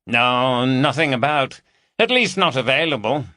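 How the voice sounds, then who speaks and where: A man's voice: medium pitch, expressive, measured pace, sharp tone, no echo. A man voicing a raucous, cheeky lad from London, full of banter. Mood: teasing.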